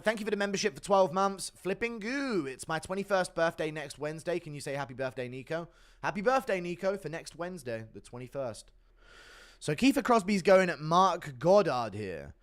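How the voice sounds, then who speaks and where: A man's voice: medium pitch, fairly bright tone. A young man live streaming, casually reading out donations and rambling with a lot of swearing and sarcasm. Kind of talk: casual chat.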